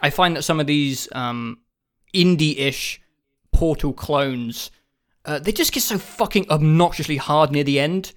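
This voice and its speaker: A man's voice: a little high, a little slow, a bit bright. A man with the sniffles, chatting casually about games on a podcast, swearing freely and laughing through his stories. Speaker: podcast co-host. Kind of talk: casual chat.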